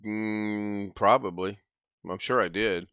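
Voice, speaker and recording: A man's voice: lowish voice, fairly even intonation, takes it slowly, smooth, no room sound, muffled recording. A man hosting a casual video-call livestream, talking in an easygoing, rambling way and thinking aloud. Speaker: host.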